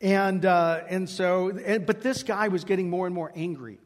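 High-voiced preacher in a reverberant hall. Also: male voice, moderate pace. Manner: animated storyteller acting out dialogue. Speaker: pastor. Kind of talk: sermon with storytelling.

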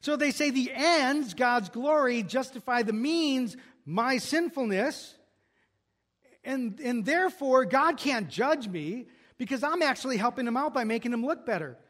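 A man's voice: extremely high pitch, animated, a little slow, fairly bright tone. A pastor preaching an earnest expository sermon, often restarting and repeating words as he works through a passage.

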